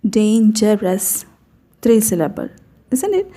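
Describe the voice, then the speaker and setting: Mellow-voiced woman teaching grammar. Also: a little high, expressive, unhurried. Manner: patient, repeats words and checks with okay. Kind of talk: grammar lesson explaining rules.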